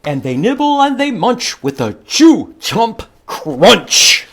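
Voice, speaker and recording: A man reading a picture book to small children, and his voice swings far up and down as he acts out each line. He takes an unhurried pace and stretches out the big moments. He often stops to ask his young listeners questions. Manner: animated, expressive read-aloud with big pitch swings and slow dramatic lines. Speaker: children's librarian. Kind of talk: children's storytime read-aloud.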